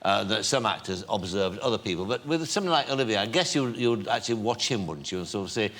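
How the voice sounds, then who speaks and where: Fast, animated male talk show host. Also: on the low side. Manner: leading questions, quick interjections. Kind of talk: interviewing.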